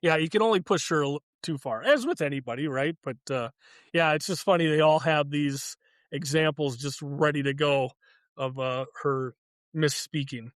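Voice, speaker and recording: A man's voice: a little high, normal speed, no echo. A man co-hosting a pop culture podcast, chatting casually with fillers and easy laughter. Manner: chatty, laughs easily, many fillers and restarts. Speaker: podcast co-host. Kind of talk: casual chat.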